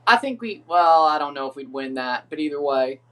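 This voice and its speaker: A man's voice: fairly high pitch, lively intonation, fairly quick, fairly bright tone, recorded from a distance. Chatty man, slightly off-mic. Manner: rambling, chatty, reads lineups aloud. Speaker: streamer hosting a watchalong. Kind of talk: casual live reaction chat.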